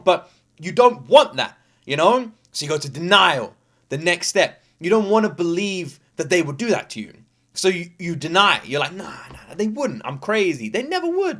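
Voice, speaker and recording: Young British male reaction host: excitable, chatty, laughs easily, bright and forceful tone. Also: a little high. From United Kingdom. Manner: excitable and chatty, quick to laugh, filler-heavy. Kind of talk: casual reaction commentary.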